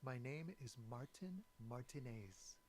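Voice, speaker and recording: An actor playing a nervous young man on a balcony, speaking in a quiet, lowered voice. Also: lively intonation, measured pace, a little hiss or hum, natural voice. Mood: guarded. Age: young adult.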